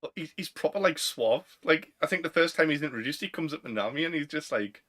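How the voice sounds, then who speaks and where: A Northern English man co-hosting a relaxed podcast chat, with a fairly high-pitched voice. He talks in slang, gets animated and laughs often. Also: quick pace. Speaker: podcast co-host. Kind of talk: casual chat.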